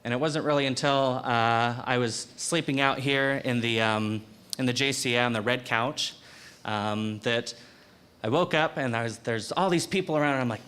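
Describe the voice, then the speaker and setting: A young man giving a personal testimony in a university chapel, speaking earnestly and haltingly, often repeating words. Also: mid-range voice, steady tone, pushed and bright, smooth. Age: young adult. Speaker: student speaker.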